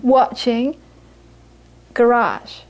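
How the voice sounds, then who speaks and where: A woman giving a Buddhist talk, telling stories with lively acted-out quotes and then turning soft and earnest as she teaches. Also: a little high, drawn-out words, background noise. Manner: lively storytelling, acts out the people she quotes. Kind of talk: dharma talk to a small audience.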